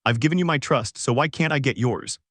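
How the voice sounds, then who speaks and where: A man reading the lines of a distressed, dignified elf woman in a fanfic story, with an even, unhurried delivery. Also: medium pitch, dry recording, studio quality, natural voice. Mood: pleading.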